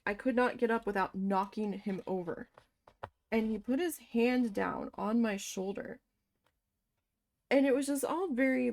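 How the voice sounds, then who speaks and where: Animated woman telling a creepy story. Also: a little high, gravelly. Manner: animated, swearing, quotes herself in shocked asides. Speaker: crafting vlogger. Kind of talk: casual storytelling.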